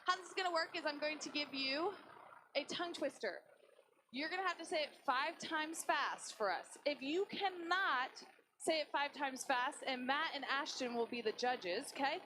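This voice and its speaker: Bubbly high-voiced youth leader woman. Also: normal speed, slight background noise, rough recording. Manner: energetic, laughing, upbeat. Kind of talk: leading group games. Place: church youth room.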